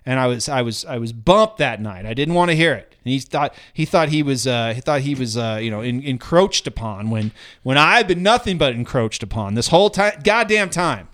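Smooth-voiced man, profane rambling podcast chat. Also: medium pitch, expressive, normal speed, a bit bright. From Denver area. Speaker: podcast co-host. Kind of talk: casual chat.

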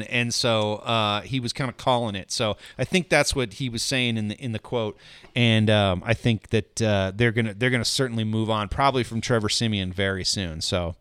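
A male podcast host chatting casually about sports, his voice smooth and resonant. He talks with a lot of hesitation and false starts, close and dry on the mic. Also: medium pitch, fairly quick, fairly bright tone, dry recording. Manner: hesitant, many restarts.

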